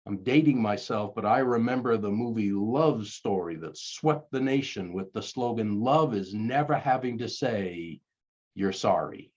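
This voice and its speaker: A man's voice: fairly low pitch, measured pace, a little mellow. An older man, a conflict coach, giving earnest, coaxing advice straight to the camera and acting out sample apologies. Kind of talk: direct-to-camera advice talk. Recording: dull lo-fi recording.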